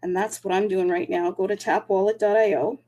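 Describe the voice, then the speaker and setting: Woman, livestream host, chatty, upbeat, loose delivery with lots of fillers, mid-pitched voice. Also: fairly even intonation, dark tone. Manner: chatty, upbeat, greets viewers city by city; frequent fillers, self-aware about talking fast. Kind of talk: casual crypto livestream chat.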